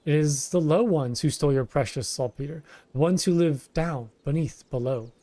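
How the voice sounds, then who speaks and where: A man voicing a small, frantic kobold creature who repeats words in shrill, excited bursts. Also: normal speed, natural voice.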